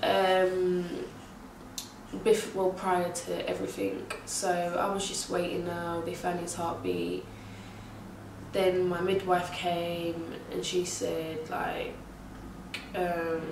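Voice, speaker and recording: A woman's voice: lowish voice, slow, noisy background. Young woman, slangy swearing storyteller, echoey room, voice set back from the mic. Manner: animated, swearing, slangy retelling. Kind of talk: casual storytelling. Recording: echoey room heard from a distance.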